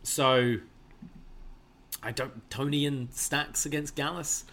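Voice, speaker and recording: Bright-voiced man chatting about wrestling. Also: fairly high pitch, fairly even intonation, takes it slowly. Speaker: wrestling show co-host. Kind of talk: casual recap chat.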